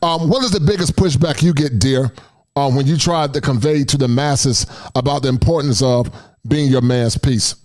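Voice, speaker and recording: A man's voice: medium pitch, normal speed, darkish tone. A man hosting a casual podcast conversation, agreeable and chuckling, often affirming his guests. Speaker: podcast host.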